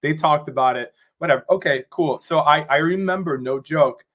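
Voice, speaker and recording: A man from Rochester, New York, a drummer guesting on a podcast, telling a story in a rambling, animated way and often asking "you know what I'm saying". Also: a little high, moderate pace, muffled recording. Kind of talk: casual storytelling interview.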